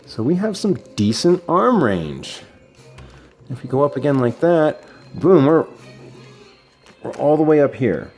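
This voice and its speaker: A man's voice: fairly high pitch, big pitch swings, measured pace, long pauses, a little mellow, soft background music. A man casually reviewing a collectible action figure, enthusiastic and chatty, with fillers and restarts. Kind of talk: casual unboxing talk.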